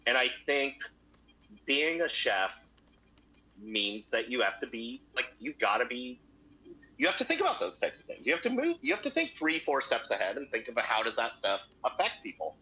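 A man in his thirties chatting casually on a podcast, telling profane, animated anecdotes with quoted voices. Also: medium pitch, moderate pace. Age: 30s. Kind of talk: casual chat, storytelling. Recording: dull lo-fi audio.

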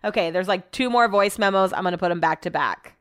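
A woman's voice: mid-range voice, fast, background noise. A woman hosting a casual solo podcast, chatty and exasperated, swearing freely. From America. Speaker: podcast host. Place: small room at home.

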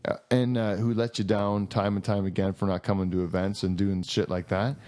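A young man with a fairly low voice, talking loosely and a bit tipsy. He rambles through long stories and swears freely as he co-hosts a casual chat show. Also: little pitch movement, a little fast, darkish tone. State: tipsy after hours of drinking. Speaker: podcast co-host.

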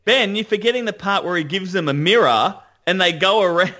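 A man co-hosting a podcast, enthusiastic and halting, restarting his sentences. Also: high voice, lively intonation, bright, forceful tone. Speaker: podcast co-host. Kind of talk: casual recap chat.

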